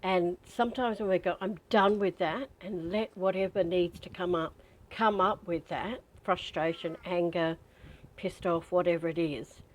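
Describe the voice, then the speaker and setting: A woman's voice: fairly low pitch, a little slow, poor audio. A woman leading a spiritual training session, telling personal stories and guiding listeners to breathe. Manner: candid, chatty storytelling with breathing prompts. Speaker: spiritual teacher. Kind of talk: guided spiritual training talk.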